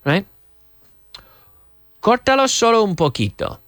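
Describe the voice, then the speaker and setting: A man's voice: a little high, sing-song, moderate pace, long pauses, a bit bright. A man from Canada teaching English vocabulary on a TV lesson, spelling words out and switching into Spanish.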